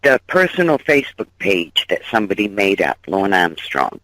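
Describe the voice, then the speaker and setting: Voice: deep voice, big pitch swings, normal speed, fairly bright tone, no echo. Hesitant, stammering voice on a phone call.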